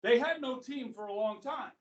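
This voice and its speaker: A man's voice: very high voice, moderate pace, highs cut off. A man with a Kansas accent teaching a history class in a casual, chatty way, often checking in with "okay?". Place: school classroom. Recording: echoey classroom from far off.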